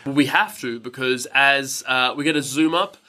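A man's voice: mid-range voice, moderate pace, pushed and bright. A man co-hosting a podcast, chatting casually about a movie with laid-back fillers and jokey asides. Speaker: podcast co-host. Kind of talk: casual movie recap chat.

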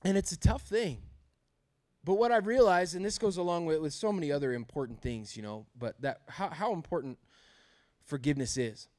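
A man's voice: a little high, a little fast, a little mellow. A male pastor preaching a sermon, telling humorous, self-deprecating stories about his marriage and laughing often.

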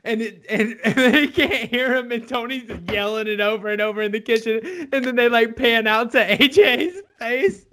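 Excitable high-voiced man, swearing. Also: moderate pace, few pauses. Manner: excitable, swears, laughs a lot. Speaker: podcast co-host. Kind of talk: casual chat, recapping a TV show.

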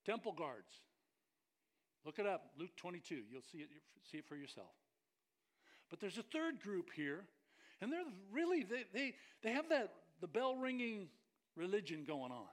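A male pastor delivers a lively sermon in a high, bright register. His pitch leaps and swoops as he builds emphasis. He jokes with the congregation between points. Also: measured pace, long pauses. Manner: animated, joking with the congregation.

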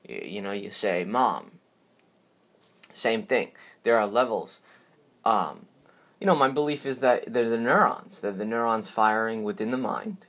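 A man's voice: lowish voice, fairly bright tone. A man hosting a casual solo podcast, rambling and repeating himself, drifting off track now and then. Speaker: podcast host.

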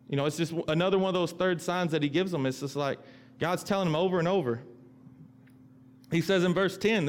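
Conversational man preaching a sermon. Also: a little high. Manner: conversational, repeats himself, acts out quoted voices. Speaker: pastor.

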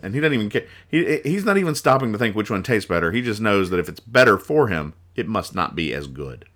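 A man hosting a casual podcast where he reads comic strips aloud, talking in a rambling, halting way and laughing at his own explanations. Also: fairly low pitch, big pitch swings, a bit bright. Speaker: podcast host.

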